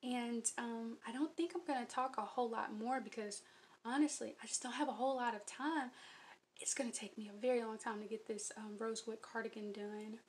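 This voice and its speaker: A woman's voice: on the high side, steady tone, fairly quick, a little hiss or hum. Rambling earnest woman crochet vlogger. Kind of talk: casual chat to viewers.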